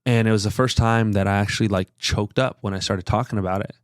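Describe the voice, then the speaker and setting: A man's voice: on the low side, steady tone, quick pace, smooth, no room sound, studio quality. A man in his thirties, a podcast guest, sharing a personal story in an earnest, rambling way with many filler words. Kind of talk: candid conversational storytelling.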